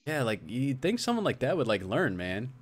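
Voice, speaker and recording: A man's voice: mid-range voice, big pitch swings, moderate pace. Laughing man reading chat comments. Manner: laughs often, reads viewer comments aloud. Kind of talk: casual podcast chat.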